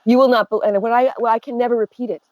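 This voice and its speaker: An older woman guest, telling lively stories and gossip in casual chat over a remote connection. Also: on the high side, racing, dry recording, rough recording. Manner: gossipy, animated storyteller who laughs often. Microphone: remote call.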